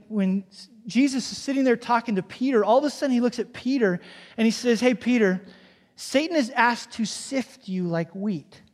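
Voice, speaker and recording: Male pastor, high voice, animated sermon storytelling, slips into hushed asides; long hall reverb. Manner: animated storytelling, acts out quoted voices, drops to a hushed near-whisper.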